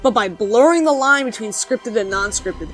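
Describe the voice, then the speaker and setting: A woman's voice: on the high side, animated, moderate pace, soft background music. Sarcastic woman doing video essay commentary. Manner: sarcastic, swears casually. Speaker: YouTuber.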